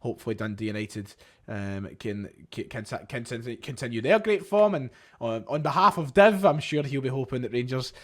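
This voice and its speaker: A man's voice: mid-range voice, very animated. A young Scottish man hosting a casual football podcast over a video call, chatty and leading the talk. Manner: chatty, quick, leads the talk. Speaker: podcast host.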